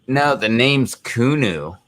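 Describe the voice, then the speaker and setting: A man's voice: medium pitch, animated, takes it slowly, a bit bright. A man co-hosting a live stream, chatting casually in a laid-back way, swearing and laughing often. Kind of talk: casual chat.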